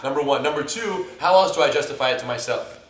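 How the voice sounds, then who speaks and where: A man who teaches jiu-jitsu and co-hosts, bantering casually with quick interjections and joking asides. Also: medium pitch. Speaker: jiu-jitsu instructor and co-host. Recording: roomy and distant mic, faint hiss.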